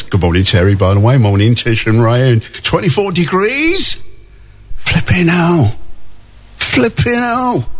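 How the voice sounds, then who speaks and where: A male radio host chatting and reading out listener messages in a jokey way, laughing often. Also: fairly high pitch.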